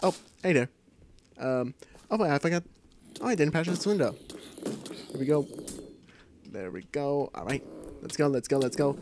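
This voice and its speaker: A man giving excitable, live gameplay commentary, often repeating short calls. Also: fairly high pitch, moderate pace, pauses often. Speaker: gamer. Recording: noisy home recording.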